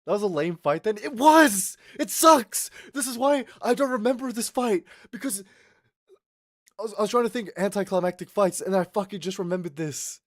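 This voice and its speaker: A young man telling a story on his stream, swearing a lot and swinging between mutters and yells. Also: high voice, a little fast, dry recording, studio quality. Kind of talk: casual storytelling rant on a live stream.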